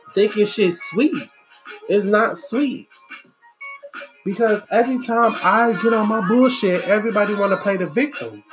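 A woman talking bluntly and profanely in an exasperated, candid monologue. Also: fairly high pitch. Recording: music playing behind the voice. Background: music.

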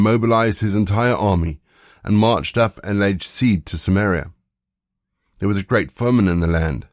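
A man narrating a Bible story in a steady, even reading voice. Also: on the low side, no room sound, clean studio sound. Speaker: scripture reader.

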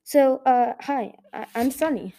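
For an audiobook, a woman voices a nervous, talkative young female dragon who is flustered, eager, and keeps stumbling over her words. She uses a high, mellow voice pitched above her own and takes an unhurried pace.

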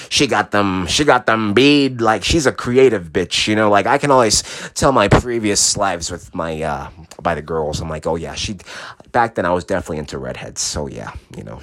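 A man's voice: lowish voice, a bit bright, no room sound. Giggly, foul-mouthed rambling man. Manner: giggly, profane, scattered and self-interrupting. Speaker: podcast host. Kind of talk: rambling late-night monologue.

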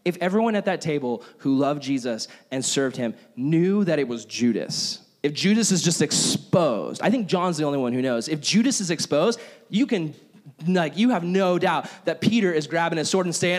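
A man preaching a sermon as a pastor, telling a story in an animated way and acting out its characters. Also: a little high, normal speed.

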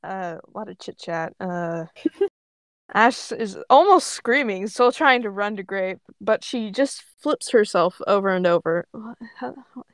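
A woman's voice: mid-range voice, animated, unhurried, no room sound, studio quality. A woman co-hosting a podcast, reading a fan story aloud and breaking off to react in dismay. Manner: reads narration, breaks off with dismayed asides.

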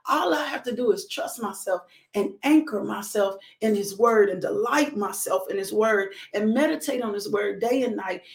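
A woman's voice: fairly high pitch, roomy sound. A woman ministry leader, fervently hosting a morning devotional and talking straight to her viewers. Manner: fervent, preachy, calls out to viewers.

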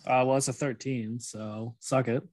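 A man's voice: medium pitch, fairly even intonation, normal speed, a little mellow, dry recording. A man playing a tabletop game, bantering and teasing the others. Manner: playful, teasing. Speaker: player.

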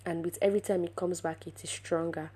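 A woman vlogger telling her own story in a casual, animated way, speaking straight to her viewers with sudden louder, higher bursts of emphasis. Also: brisk, breathy edge. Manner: addresses viewers directly.

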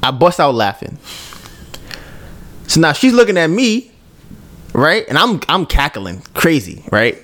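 A man's voice: fairly high pitch, sing-song, a little slow, pauses often, a bit bright. A man hosting a podcast, telling a story in a casual chat, laughing often and tagging sentences with "right?". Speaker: podcast host.

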